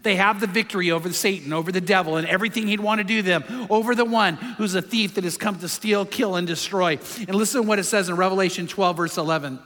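High, bright-voiced preaching man. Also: fast talker, few pauses, in a large hall. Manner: emphatic preaching, rhetorical questions. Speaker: pastor. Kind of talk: sermon.

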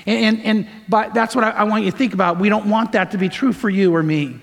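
High-voiced man preaching in a reverberant hall. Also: fast, vocal fry. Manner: emphatic, rising preaching with repeated phrases. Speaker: pastor. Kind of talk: sermon. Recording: long reverb of a large hall.

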